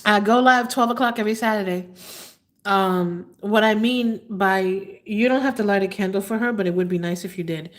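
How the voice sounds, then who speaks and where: A woman in her fifties hosting a live tarot stream, talking slowly and haltingly with many fillers, sometimes emotional. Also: mid-range voice. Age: 50s. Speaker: tarot reader hosting a livestream. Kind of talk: live-stream chat answering viewers.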